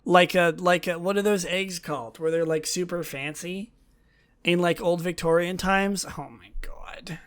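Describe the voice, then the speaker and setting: A woman hosting a solo podcast, chatting in a gushing, excitable way that often drops into soft whispers. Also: fairly low pitch, moderate pace. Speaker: podcast host.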